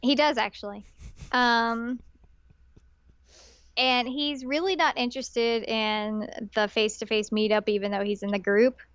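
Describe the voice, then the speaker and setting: A woman co-hosting a casual podcast, telling a story in an animated way and often quoting characters. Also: a little high, a little slow, smooth, no room sound, dull audio. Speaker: podcast co-host.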